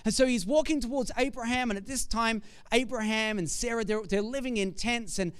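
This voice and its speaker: A man's voice: very high voice, brisk, a bit bright, smooth, no echo. A man preaching a sermon with conversational, jokey storytelling.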